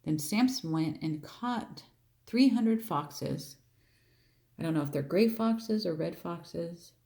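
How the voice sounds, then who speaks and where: Woman, Bible story teacher, mellow, lowish voice, chatty, restarts, emphatic quoted lines. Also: lively intonation, takes it slowly, vocal fry. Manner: chatty, thinking aloud with restarts and repeated phrases; plays out the figures' lines with raised, emphatic voice. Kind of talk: casual Bible reading and explanation.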